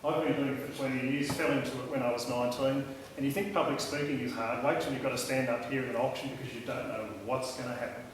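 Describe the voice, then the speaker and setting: A man's voice: medium pitch, fairly even intonation, fast talker, a little hiss or hum. Australian man, late 30s, real estate agent, chatty welcome, very echoey hall, distant mic. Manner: chatty, frank, repeats himself. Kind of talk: casual welcome speech. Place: large hall.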